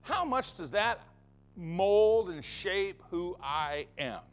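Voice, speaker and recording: A man's voice: high voice, expressive, slow pace. A man preaching a sermon as pastor of his church, emphatic and fond of repeating phrases for effect.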